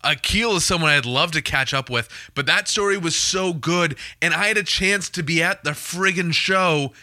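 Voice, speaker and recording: A man's voice: on the high side, moderate pace, sharp tone, no room sound. A man hosting a podcast in casual chat, reacting with enthusiasm and moving the countdown along. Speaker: podcast host.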